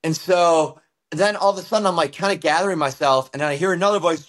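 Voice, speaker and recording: A man with a somewhat high voice tells a story as a podcast guest. He is a former pro snowboarder, and his delivery is casual and animated. He keeps dropping in easygoing fillers. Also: fast talker. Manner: animated, loose, uses many fillers like "like" and "dude".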